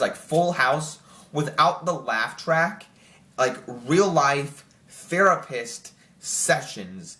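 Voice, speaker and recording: A young man chatting casually to camera as host, excited and rambling with lots of filler words. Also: a little high. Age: young adult. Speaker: channel host ranking TV shows. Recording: roomy echo.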